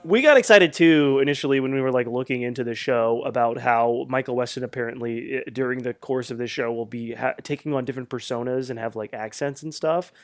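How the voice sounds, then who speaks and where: A man's voice: medium pitch, fairly quick, hardly any pauses. A man co-hosting a podcast, chatting casually with crude jokes and many fillers. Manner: crude, laughing, filler-heavy. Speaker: podcast co-host. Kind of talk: casual chat.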